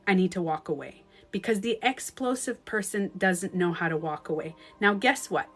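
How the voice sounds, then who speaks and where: A woman's voice: fairly low pitch, moderate pace, soft background music. Frank, swearing woman coach. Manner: frank and emphatic, swears freely; acts out inner thoughts in quoted asides. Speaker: beauty and relationship coach. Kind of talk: casual livestream advice talk.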